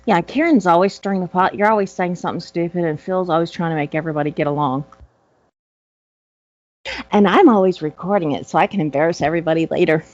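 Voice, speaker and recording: Lowish woman, blunt and exasperated. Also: fast, a little mellow. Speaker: podcast co-host. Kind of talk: casual chat. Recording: dull, dry lo-fi audio.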